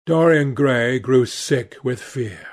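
A man narrating a classic novel as an audiobook in a measured, dramatic reading. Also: medium pitch. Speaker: audiobook reader.

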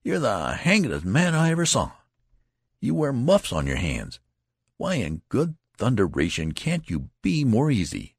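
A man's voice: very deep voice, animated, a little slow, gravelly, hardly any pauses, slightly rough, no room sound, clean studio sound, pitched below the performer's own voice, heavily acted. A man voicing a wounded young male soldier who talks in an irritable, snappish way. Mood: irritated.

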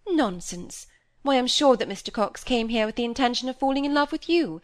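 A woman voicing a lively, flippant young woman who talks in a breezy, dismissive way. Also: a little high, a little fast, no echo, studio quality, pitched above the performer's own voice, close to an everyday voice. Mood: light.

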